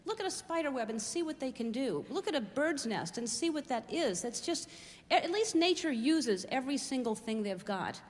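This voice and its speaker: A woman's voice: sits high, expressive, normal speed, hardly any pauses, darkish tone. A middle-aged woman performing a stand-up comedy routine, rambling and poking fun at herself as she tells everyday stories on a theater stage. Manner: rambling, self-mocking, observational. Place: large theater stage before a live audience. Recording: reverberant hall, crowd and background noise.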